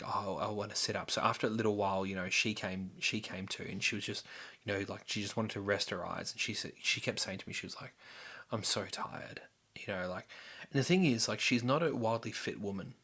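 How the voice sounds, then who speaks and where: Rambling man with a bright voice. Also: fairly low pitch, husky. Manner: rambling, candid, with frequent fillers and restarts. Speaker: podcast host. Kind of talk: personal storytelling.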